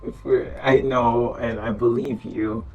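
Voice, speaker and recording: A man's voice: mid-range voice, flat delivery, measured pace, lo-fi sound, music in the background. A man hosting a casual podcast chat, loose and laughing, swearing freely. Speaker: podcast host. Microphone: online voice chat.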